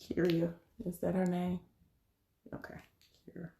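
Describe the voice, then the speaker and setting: A woman's voice: on the low side, monotone, a little slow, vocal fry, dark tone, roomy sound. A woman doing a casual live tarot reading, chatty and laughing often, calling her viewers y'all and beloved. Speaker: tarot card reader.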